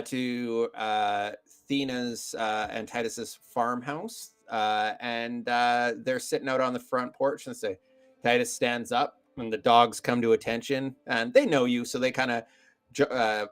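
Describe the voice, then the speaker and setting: A man's voice: mid-range voice, steady tone, a little slow, a bit bright, clean tone. A man narrating a tabletop game as game master, in a loose, hesitant way full of fillers.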